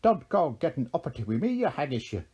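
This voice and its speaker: A man's voice: mid-range voice, very animated, quick pace, darkish tone, slightly rough. A man voicing a small, mischievous male leprechaun with a broad Irish accent in a storybook reading. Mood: tetchy. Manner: broad lilting brogue, mischievous.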